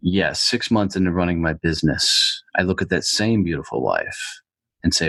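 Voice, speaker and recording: Profane, blunt middle-aged man with a deep voice. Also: moderate pace, gravelly, no echo. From United States. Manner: profane, blunt and animated storyteller. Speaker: podcast guest. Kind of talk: storytelling in an interview.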